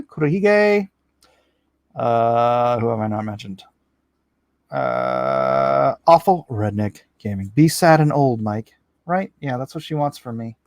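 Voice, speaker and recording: A man hosting his own livestream, talking in an excitable, rapid-fire, rambling way and often correcting himself mid-sentence. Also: mid-range voice, dry recording. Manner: rambling with frequent self-corrections. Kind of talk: casual livestream sales pitch.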